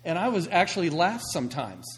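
Husky preacher man in a hall. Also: a little high, big pitch swings, a little fast. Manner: swings from hushed to loud, emphatic. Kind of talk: sermon. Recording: long reverb of a large hall.

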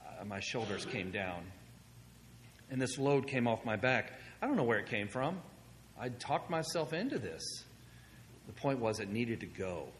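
Male pastor, sermon delivery, chatty storyteller, long reverb of a big hall, faint hiss. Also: mid-range voice. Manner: conversational storytelling, animated when quoting himself.

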